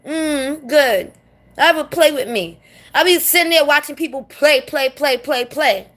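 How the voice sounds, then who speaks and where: A woman's voice: sits high, pushed and bright. A woman vents in a blunt, sassy monologue. She talks straight to her viewers in casual rant mode, dropping curses as she goes. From New York City. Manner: blunt, sassy, swears freely. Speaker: vlogger.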